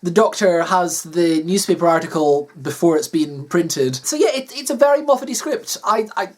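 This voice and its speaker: A man's voice: high voice, expressive, moderate pace. Rambling male YouTuber. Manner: rambling, repeats words while searching for them. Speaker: YouTuber host. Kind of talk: casual video outro.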